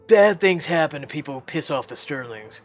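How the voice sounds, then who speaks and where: A man's voice: on the high side, lively intonation, fairly quick. A man voicing a brash young man who boasts and swears emphatically, heard on a slightly dull recording with faint game music. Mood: cocky.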